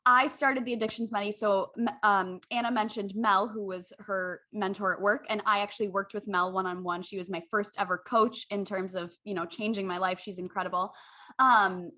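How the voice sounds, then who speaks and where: A woman hosts a podcast in a mid-range, fairly even, sharp-toned voice at a moderate pace. Her casual chat is candid and effusive, and she often speaks straight to listeners, calling them "you guys."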